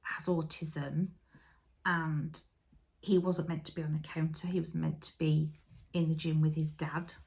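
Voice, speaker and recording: A woman's voice: low-pitched, flat delivery, a little slow, creaky, darkish tone. A woman chatting to camera at home, telling a story in a casual way and acting out the conversations. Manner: chatty, retells conversations with quoted dialogue. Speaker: vlogger.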